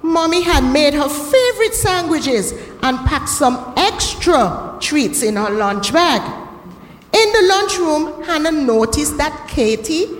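A woman reads a children's story aloud, slow and gentle, her high voice swooping with expression. Her words echo around a roomy space with a long reverb. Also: expressive. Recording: echoey, reverberant room.

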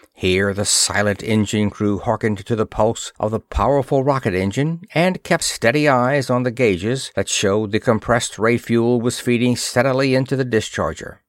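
A man's voice: mid-range voice, no echo. A man narrating pulp sci-fi, dry sound. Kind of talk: reading an old pulp science fiction story aloud.

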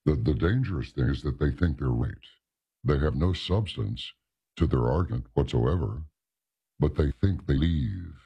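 A man's voice: a bass voice, animated, normal speed, dark tone, slightly rough. A male talk show host giving emphatic, scornful commentary. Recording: dull lo-fi audio.

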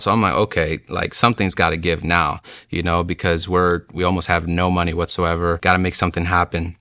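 A young man recounts his personal testimony in an earnest storytelling manner. His voice sits very low yet carries a bright, forceful edge. The sound is dry and close, with no room around it. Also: clear, resonant tone, dry recording. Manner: earnest storytelling, speeding up and slowing down.

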